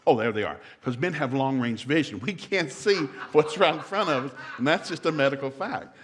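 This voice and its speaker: A man's voice: fairly high pitch, expressive, normal speed, a bit bright, slight background noise. A middle-aged man giving a humorous marriage seminar talk in a folksy, joking way, acting out couples' dialogue. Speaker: guest seminar speaker.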